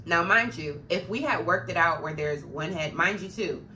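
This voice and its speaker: A woman's voice: lowish voice, normal speed, sharp tone, slight background noise. A woman who works as an after-school program supervisor tells a work story straight to camera, getting heated, blunt and swearing freely as she vents.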